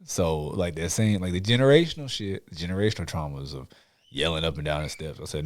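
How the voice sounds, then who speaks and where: A man hosting a casual podcast chat, telling animated stories with frequent laughs and casual swearing. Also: low voice, fast talker. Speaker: podcast host.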